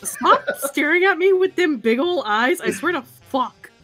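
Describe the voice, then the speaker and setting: A woman chatting casually on a stream, loud and excitable, swearing freely. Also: high voice, unhurried, soft background music.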